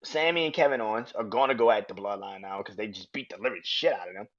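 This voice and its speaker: A man hosting a podcast, reviewing wrestling in excitable, profane casual chat and laughing often. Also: lowish voice, quick pace, lo-fi sound. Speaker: podcast host.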